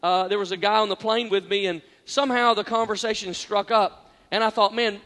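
A male pastor delivers a sermon in a strikingly high voice. He is earnest and pokes fun at himself, hammering phrases through repetition and moving from hushed to loud. His words ring out with the long reverb of a large church hall. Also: steady tone, a little fast. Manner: earnest and self-deprecating, repeats phrases for emphasis, swings from quiet to loud.

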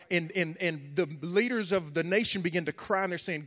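A male youth preacher with a somewhat high voice, retelling scripture with rising, dramatic force. Between the story beats he drops into relaxed, chatty asides with plenty of ums and restarts. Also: brisk, few pauses. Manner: casual, conversational asides with fillers and restarts. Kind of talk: sermon.

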